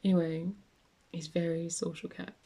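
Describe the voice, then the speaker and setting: A woman's voice: fairly low pitch, monotone, moderate pace, warm tone, breathy edge. Rambling young woman ranting casually. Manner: rambling, many fillers and restarts. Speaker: vlogger. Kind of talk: casual rant to camera.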